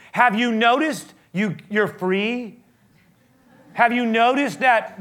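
A man's voice: sits high, voice pushed up. A man acting out a reluctant, exasperated old prophet in a sermon, pleading and defensive. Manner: pleading, defensive, rising and loud.

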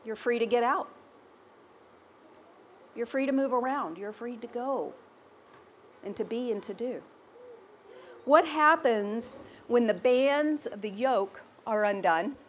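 A woman's voice: on the high side, slight background noise. A woman preaching a sermon in a conversational, emphatic way, often putting questions to her listeners. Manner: conversational, asks the congregation questions; slow and emphatic.

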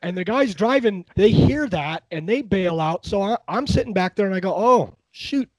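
A man's voice: high voice, expressive, moderate pace, dry recording, rough recording. A man telling casual, self-deprecating stories in a podcast conversation. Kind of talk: casual storytelling.

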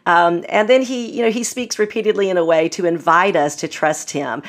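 A middle-aged woman co-hosting a faith podcast, speaking warmly with frequent fillers and laughs. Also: fairly low pitch, brisk. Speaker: podcast co-host. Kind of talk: casual faith-based discussion.

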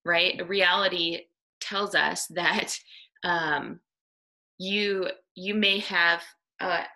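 A woman's voice: lowish voice, steady tone, very slow, sharp tone, rough recording. A woman giving a casual devotional talk to a women's Bible study group, earnest and conversational, with frequent ums and "right?" tag questions.

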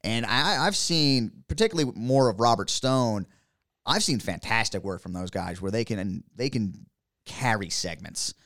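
A man talking casually and rambling through animated opinions as a podcast co-host. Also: fairly low pitch, normal speed, dry recording, clean studio sound. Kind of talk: casual wrestling chat.

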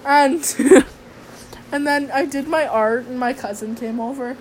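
A woman with a high, bright voice tells a casual storytime vlog. She rambles, swears freely and drips sarcasm. Faint background noise hums under her. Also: a little slow. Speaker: vlogger.

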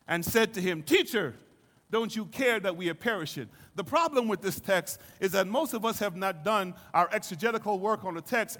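A man preaching a sermon, moving from calm teaching to shouted, sing-song preaching and acting out voices from scripture. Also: high-pitched, big-room sound. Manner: acts out voices of scripture figures.

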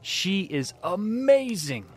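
A man co-hosting a podcast in casual chat, enthusiastic and quick to agree. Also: sits high, slightly rough. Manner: enthusiastic, animated, frequent agreeing interjections. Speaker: podcast co-host.

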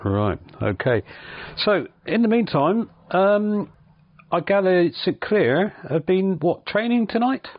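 A man hosting a local radio show, asking questions in a relaxed way and prompting with short "right"s. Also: high voice, slow pace, dry recording, highs cut off. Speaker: radio host. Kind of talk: casual radio interview.

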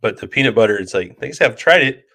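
A man co-hosting a podcast, telling stories in a relaxed, chatty way. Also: medium pitch, rapid-fire. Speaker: podcast co-host. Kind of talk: casual storytelling chat.

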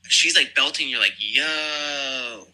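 A man's voice: mid-range voice, slow, bright, forceful tone, low-quality recording. A man chatting casually as a podcast guest, rambling and gossipy with lots of fillers. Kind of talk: casual chat.

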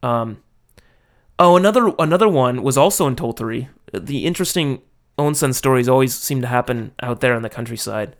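An American man in his thirties spins loose, rambling anecdotes in a relaxed conversational way. He breaks into laughs and pokes fun at himself as he talks. His pitch sits in an ordinary middle range. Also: fairly quick. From United States. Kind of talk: casual storytelling.

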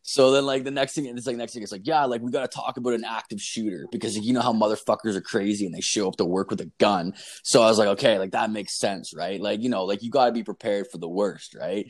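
A Canadian man with a lowish voice talks fast, barely pausing, as he casually recounts a story from work. His animated retelling is packed with swearing and a steady stream of "like" fillers.

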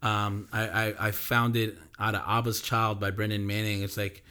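Affirming podcast host man, lower voice. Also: little pitch movement, moderate pace, bright, forceful tone, clear, resonant tone. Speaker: interviewer. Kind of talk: casual podcast chat.

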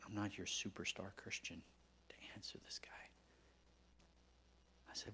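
A man preaching a sermon as a guest pastor, telling stories in a conversational way and swinging from hushed whispers to loud, emphatic outbursts. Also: low voice, flat delivery, measured pace.

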